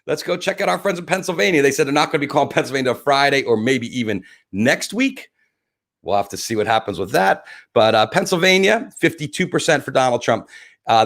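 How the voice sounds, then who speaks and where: Animated rambling male stream host. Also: medium pitch. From New Jersey. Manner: rambling, profane, jokey, thinks aloud over numbers. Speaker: livestream host. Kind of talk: casual election commentary.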